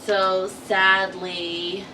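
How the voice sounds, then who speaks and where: Slow-talking woman recapping with a distant mic. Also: mid-range voice, little pitch movement. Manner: chatty storyteller, giggles often and acts out quotes. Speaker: co-host of a TV recap channel. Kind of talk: casual chat recap. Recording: distant mic with noisy background.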